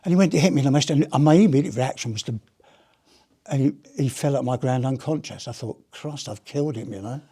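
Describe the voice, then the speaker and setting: He talks fast, his medium-pitched voice mellow and husky. The speaker is an older retired police officer giving a rambling, chatty talk full of anecdotes to a live heritage gallery audience, with many restarts.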